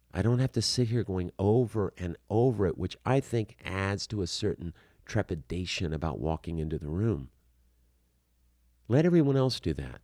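A man's voice: deep voice, darkish tone, no echo, studio quality. A man coaching actors on auditions, talking bluntly and animatedly, scolding then encouraging in casual, slightly profane language. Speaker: acting coach. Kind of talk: instructional talk to camera.

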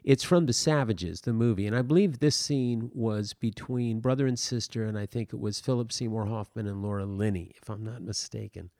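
A man's voice: fairly low pitch, fairly quick, hardly any pauses, a little mellow, no echo, studio quality. A man teaching acting in a casual spoken lesson, rambling with many fillers and restarts as he walks through a film scene.

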